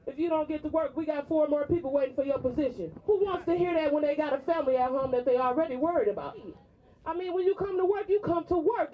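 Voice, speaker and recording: High-pitched woman ranting at a strike rally, indignant, dull lo-fi sound. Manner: indignant, emphatic, repeats phrases. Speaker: striking warehouse worker. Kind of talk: impassioned rally speech.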